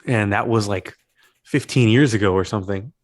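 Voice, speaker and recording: A man's voice: lowish voice, normal speed, no room sound, clean studio sound. A man in his late twenties co-hosting a movie podcast, joking around and swearing casually. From Mexican. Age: late 20s. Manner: joking, profane, animated. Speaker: podcast co-host. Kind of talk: casual chat.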